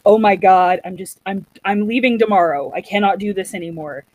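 Woman, casual storyteller, animated, mid pitch, dry recording. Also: brisk, dry recording, highs cut off. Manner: chatty, animated, acts out quotes.

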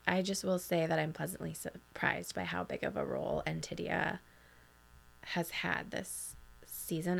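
A woman's voice: on the low side, gravelly, fairly bright tone, a little hiss or hum. A woman co-hosting a podcast, casually recapping a TV episode and recounting scenes at length. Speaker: podcast co-host.

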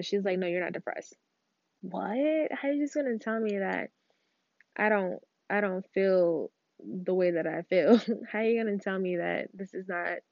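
A woman's voice: mid-range voice, no room sound, muffled recording. Candid young woman hosting a solo podcast. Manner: candid, rambling, with frequent fillers and laughs. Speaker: podcast host. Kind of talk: casual solo podcast talk.

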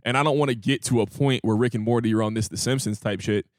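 A man co-hosts a laid-back podcast and argues his points with emphatic, slangy conviction. His voice sits at an ordinary middle pitch. It is recorded dry and close, with no room sound. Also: fast, no room sound. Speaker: podcast co-host. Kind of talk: casual chat.

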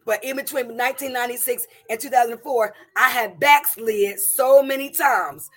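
Middle-aged woman telling her testimony at church, kinda high voice, emotional, lots of stops and restarts. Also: a bit bright. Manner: emotional, halting, with many restarts and repeated words. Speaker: church member giving testimony. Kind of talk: personal testimony to a congregation.

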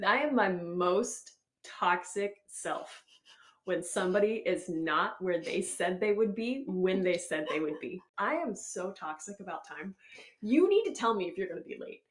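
A woman's voice: lowish voice, animated, a little slow, a little hiss or hum. A woman co-hosting a podcast in casual chat, wry and blunt, swearing in her asides. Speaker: podcast co-host. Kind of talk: casual movie recap chat.

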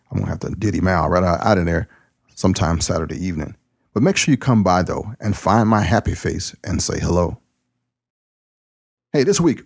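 A man who also preaches hosts his own podcast alone, chatting in a folksy, excitable way. His voice sits low and has a husky, gravelly edge. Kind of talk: casual solo monologue.

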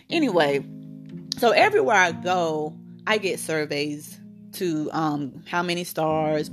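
A woman in her thirties hosting a podcast, telling a personal story in a candid, emphatic way and repeating her phrases for weight. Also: low voice. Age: 30s. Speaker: podcast host. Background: guitar music.

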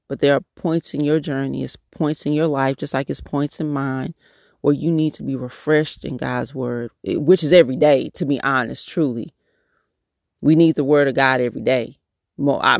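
A man hosting a devotional podcast, praying and encouraging listeners in a halting, repetitive way. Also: mid-range voice, vocal fry, no room sound, clean studio sound. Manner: halting, repetitive prayer phrasing. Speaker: podcast host leading prayer.

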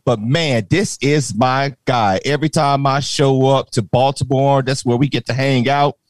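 A man hosting a podcast, welcoming a guest and ribbing his co-host in quick banter. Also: mid-range voice, fairly even intonation, no room sound. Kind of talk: casual podcast chat.

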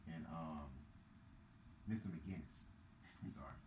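A man from Texas telling stories in casual chat, profane and emphatic, often rising loudly for effect. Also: low-pitched, normal speed. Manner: animated storyteller, profane, loud emphatic rises. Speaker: podcast co-host. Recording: roomy with clear background noise.

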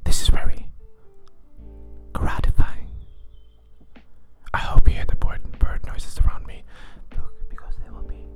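A man's voice: unhurried, long pauses, darkish tone, faint music behind. A man hosting a podcast, joking his way through a playful whispered role-play outdoors with the microphone right at his mouth. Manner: playful, giggly, self-mocking. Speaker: podcast host. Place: outdoors among birdsong. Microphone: close to the mouth.

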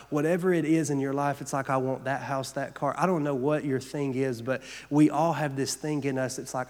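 A man's voice: medium pitch, steady tone, a little fast, hardly any pauses, darkish tone, big-room sound. A man preaching a sermon as pastor, earnest and conversational, building points with repeated phrases.

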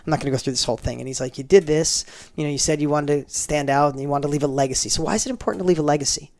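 Middle-aged male guest, quick and animated storyteller, fairly high gravelly voice, acts out the dialogue. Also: no room sound. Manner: animated, acts out quoted dialogue, frequent restarts. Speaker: podcast guest. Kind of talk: casual interview storytelling.

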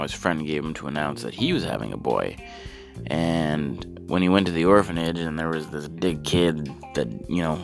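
A man riffing on a movie in a crude, sarcastic comedy rant full of profanity. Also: extremely low pitch.

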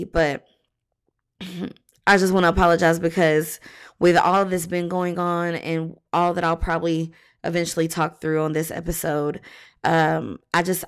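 Tired woman host on her podcast, kinda low voice, talking it out honest, lots of ums and pauses. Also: clean tone. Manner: frank and reflective, with many pauses and fillers. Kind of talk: candid podcast monologue.

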